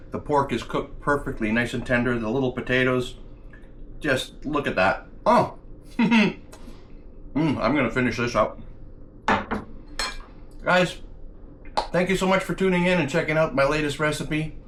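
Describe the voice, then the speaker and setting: A man's voice: medium pitch, normal speed, a bit bright, a little hiss or hum. Chatty man demoing a rice cooker recipe. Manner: friendly, chatty, addresses viewers as guys; talks while tasting, with mm sounds. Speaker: cooking channel host. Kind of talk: casual cooking demonstration.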